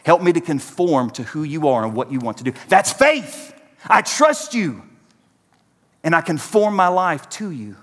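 A man's voice: a little high, very animated, measured pace, in a large hall. A man, preaching a sermon and speaking directly to his congregation. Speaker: pastor.

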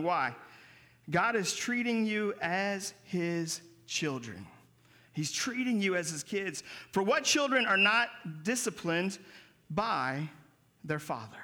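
A man's voice: high voice, sing-song, slow, bright, forceful tone. A man preaching a sermon as pastor, explaining Greek words with emphasis.

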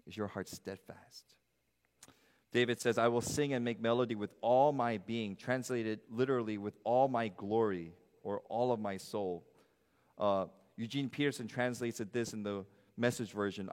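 A middle-aged man preaching a sermon as pastor, swinging from loud, high emphasis to soft, low asides. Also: normal speed, clear, resonant tone. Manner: animated preaching, rising loud then dropping soft. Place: church sanctuary. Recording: long hall reverb.

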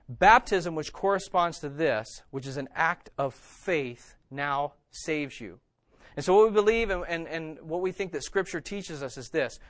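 Male pastor, conversational sermon delivery, slightly high voice, dry recording. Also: fairly bright tone, no echo. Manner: conversational preaching, frequent "okay?" check-ins.

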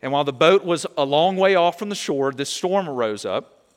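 A young man preaching a sermon, animated and conversational, often checking in with "okay?". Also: fairly high pitch, moderate pace, big-room sound. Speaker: pastor.

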